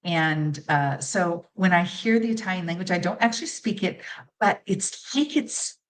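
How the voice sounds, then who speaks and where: A woman guest in a casual interview, speaking thoughtfully with halting restarts. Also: on the low side, low-quality recording.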